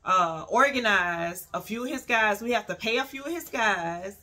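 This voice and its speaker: A woman telling a casual story, animated and profane, acting out every quote. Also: medium pitch, moderate pace.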